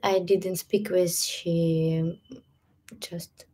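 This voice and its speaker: This stretching coach, a Ukrainian woman with a Russian accent, chats on a live stream in halting English, adding gentle whispered asides. Her lowish voice shows little pitch movement.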